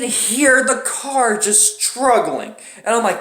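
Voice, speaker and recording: A woman telling a casual storytime vlog with animated, dramatic delivery and plenty of swearing. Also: on the high side, a little slow, hardly any pauses. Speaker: storytime YouTuber. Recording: roomy echoing room.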